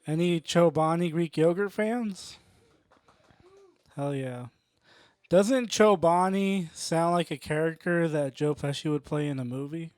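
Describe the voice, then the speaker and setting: A young man doing stand-up in a slow, drowsy way. His voice sits a little high, and the sound is dry and close. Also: no room sound. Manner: sleepy, drowsy-sounding delivery. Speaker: stand-up comedian. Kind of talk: stand-up set. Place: comedy club stage.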